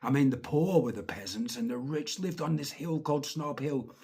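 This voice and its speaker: A man's voice: medium pitch, normal speed, a little mellow, breathy edge. A middle-aged Scottish man telling his own childhood stories in a rambling, swearing, chuckling way. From Scotland. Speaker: storyteller. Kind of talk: casual personal storytelling.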